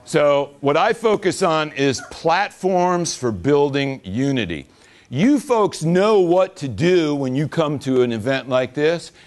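A man's voice: fairly high pitch, expressive, takes it slowly. A man giving a casual, joking talk to an audience at an event, laughing along with them. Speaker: speaker at a business event.

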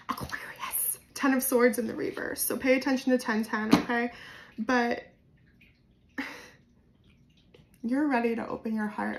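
A woman with a New Jersey accent giving a casual, spontaneous tarot reading to camera, swinging between soft musing and loud bursts. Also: fairly high pitch, a little hiss or hum. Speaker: tarot reader.

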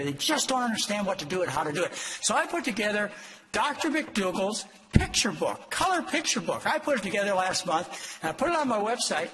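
An older man, a doctor, lecturing an audience in an emphatic, exhortative way with sudden leaps in pitch. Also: a bit bright, a little hiss or hum, low-quality recording. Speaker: doctor giving a talk.

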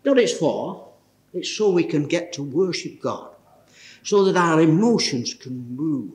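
Lively older preacher. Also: male voice, on the high side, a little slow. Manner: exclamatory, chuckling, folksy storyteller. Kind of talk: informal sermon. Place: church meeting.

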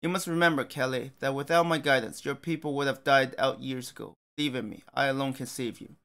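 A man's voice: medium pitch, steady tone, a little fast, gravelly, fairly bright tone. A man voicing a commanding, condescending male god who speaks in a grand, lofty way.

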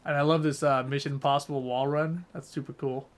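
A man's voice: a little high, little pitch movement, a little fast. A young man streaming a game, rambling casually and swearing while chatting with his viewers. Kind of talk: casual gameplay commentary.

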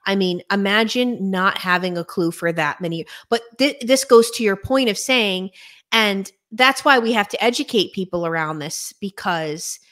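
Animated woman hosting a chat. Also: medium pitch, normal speed. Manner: animated, laughs often, repeats words. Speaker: podcast host and coach. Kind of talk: casual conversational interview.

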